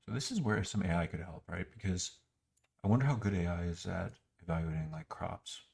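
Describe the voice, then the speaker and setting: A man's voice: low voice, lively intonation, a little fast, creaky, darkish tone. A man giving an exasperated, sarcastic running critique of an app while muttering and clicking through it. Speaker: software reviewer. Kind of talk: screen-recorded software critique.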